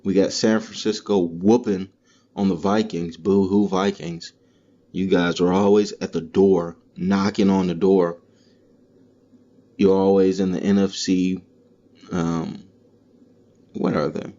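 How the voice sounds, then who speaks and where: A deep-voiced man rambles through a comedic podcast monologue and swears freely as he goes. His tone is mellow and relaxed. The recording sounds dull and lo-fi. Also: slow, pauses often. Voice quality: profane, rambling, animated storytelling. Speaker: podcast host.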